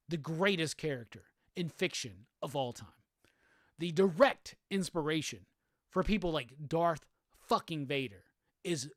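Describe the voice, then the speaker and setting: Furious profane man ranting, lively pitch. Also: dry recording, studio quality. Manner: profane, repetitive, heated. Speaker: host. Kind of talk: angry solo commentary rant.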